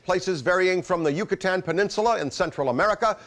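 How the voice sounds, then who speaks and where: A man's voice: high voice, quick pace, fairly bright tone. A man giving earnest, solemn promotional narration about mystical artifacts. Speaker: commercial spokesman.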